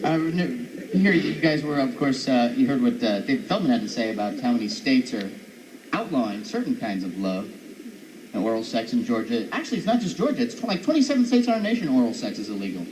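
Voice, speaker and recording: A man doing a stand-up comedy set on stage, animated and jumping into high silly voices for his bits. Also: quick pace. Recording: dull old recording from far off, noisy.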